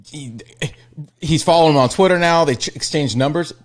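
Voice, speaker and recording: A man's voice: a little high, a little fast. Joking male podcast co-host. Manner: joking, backs others up, swears. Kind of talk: casual chat.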